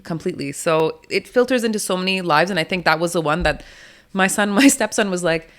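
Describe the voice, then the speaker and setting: A woman's voice: lowish voice, brisk. A woman doula speaking as an interview guest, outspoken and blunt, swearing casually and laughing often as she talks. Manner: animated, laughs often between points.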